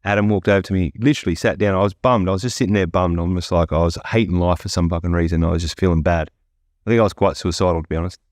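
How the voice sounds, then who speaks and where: A man's voice: low-pitched, fairly even intonation, rapid-fire, dry recording, studio quality. A man speaking as a podcast guest, telling his story bluntly with heavy swearing. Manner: blunt, profane, candid storytelling. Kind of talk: casual podcast interview.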